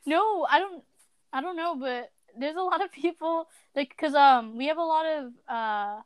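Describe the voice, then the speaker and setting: Chatty high-voiced teen girl. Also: normal speed, dry recording. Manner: chatty, talks a lot, many fillers. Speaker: podcast co-host. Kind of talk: casual chat.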